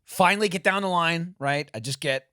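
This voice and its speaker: A man co-hosting a podcast, telling a profane, animated story in a casual chat and acting out the people in it. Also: fairly high pitch, fairly quick, dry recording, clean studio sound. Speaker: podcast co-host.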